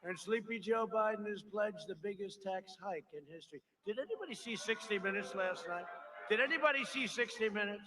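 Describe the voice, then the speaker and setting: Speaking a little fast in a high voice, this politician delivers a boastful, meandering campaign address into a podium mic. He keeps circling back to the same asides, and a large rally crowd adds noise to the live audio.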